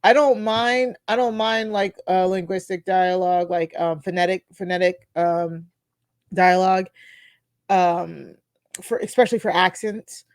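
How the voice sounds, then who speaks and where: A woman's voice: fairly low pitch, fairly even intonation, a little slow, no room sound, clean studio sound. A woman co-hosting a casual podcast film review, rambling through her thoughts and laughing often. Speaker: podcast co-host.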